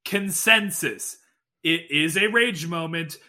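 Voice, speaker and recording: Bright, fairly high-voiced peacemaking man. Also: slow. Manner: peacemaking, steers toward compromise. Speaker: podcast co-host. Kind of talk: casual chat.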